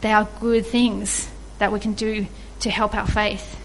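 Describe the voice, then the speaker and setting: A woman's voice: mid-range voice, level tone, unhurried, slight background noise, low-quality recording. An earnest woman giving a reflective devotional sermon, asking her listeners questions. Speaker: preacher.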